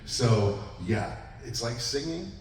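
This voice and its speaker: A man who voices characters, answering a fan's question at a convention panel in an animated way, with lots of restarts. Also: medium pitch, slow pace, slight background noise. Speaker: voice actor guest on a convention panel. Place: large convention hall. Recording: roomy hall from far off.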